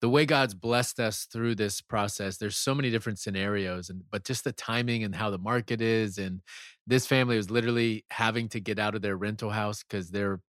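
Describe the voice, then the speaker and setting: A man's voice: lowish voice, fairly even intonation, a little fast, fairly bright tone, no room sound, clean studio sound. Easygoing man in casual chat. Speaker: podcast co-host.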